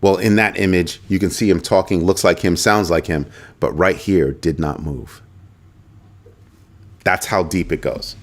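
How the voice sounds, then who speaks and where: A man with a deep, low-pitched voice hosts a casual livestream. He talks straight to his viewers in an animated, conversational way. He often repeats phrases to drive a point home. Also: a little slow. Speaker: host of a crypto livestream.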